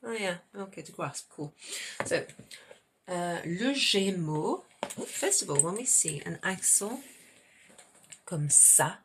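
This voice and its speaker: A woman's voice: on the low side, lively intonation, unhurried, long pauses, slight background noise. A woman teaching a French lesson, reading a French text aloud and then explaining its words and pronunciation in English.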